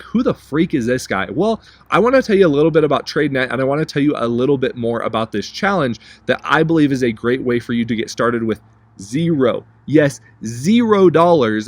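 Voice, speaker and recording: A young man vlogging casually to camera, chatty and informal, talking while on the way to the gym. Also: medium pitch. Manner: chatty, repeats 'you guys' and 'like'. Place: driving in a car.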